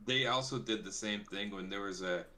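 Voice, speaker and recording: A man's voice: lowish voice, normal speed, bright, forceful tone. A man in casual chat, rambling through recollections like a storyteller.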